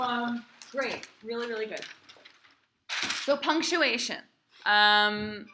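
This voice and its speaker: A woman's voice: mid-range voice, pushed and bright, slight background noise. A female cantor teaching a class, quizzing and encouraging her students in a chatty way.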